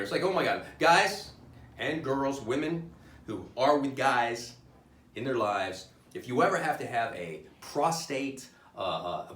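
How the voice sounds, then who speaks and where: A man doing a stand-up comedy set, self-deprecating and halting, with many restarts. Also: mid-range voice, a bit bright, roomy sound, far from the mic.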